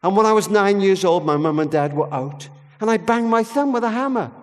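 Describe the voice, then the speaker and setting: High, animated man preaching in a hall. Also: a little fast. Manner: expressive, emphatic storyteller. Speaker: guest preacher. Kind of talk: sermon with storytelling. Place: ballroom at a church service. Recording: long reverb of a large hall.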